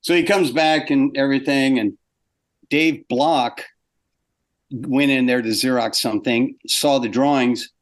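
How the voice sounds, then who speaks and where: A man's voice: mid-range voice, a little slow. An older man, a former animator, telling a story in an interview, acting out what people said and laughing as he goes. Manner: animated, acts out quotes, laughs often.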